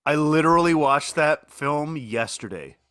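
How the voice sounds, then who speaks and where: A man's voice: on the high side, lively intonation, measured pace, fairly bright tone, clean tone. A man from Canada co-hosting a podcast, chatting in an easygoing, joking way. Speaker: podcast co-host. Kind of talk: casual chat.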